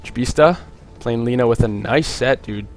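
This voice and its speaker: A young man casting a video game match on his own, chatty and jokey, with many filler words and quick asides. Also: medium pitch, slight background noise. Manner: rambling, jokey, lots of "like" fillers. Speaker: esports caster. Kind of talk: solo play-by-play commentary.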